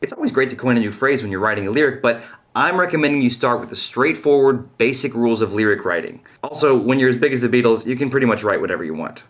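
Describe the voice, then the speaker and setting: A man's voice: medium pitch, animated, fast talker, faint music behind. A man giving a comedic video lesson on lyric writing, explaining rules with wry jokes in between. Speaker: online lyric-writing teacher.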